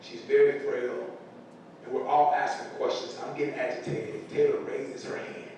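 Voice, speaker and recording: A man's voice: flat delivery, moderate pace, warm tone. Earnest man in an echoey hall. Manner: earnest, emotional storytelling. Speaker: parent speaking to school staff. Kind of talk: motivational speech. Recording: echoey large room from far off, faint rumble.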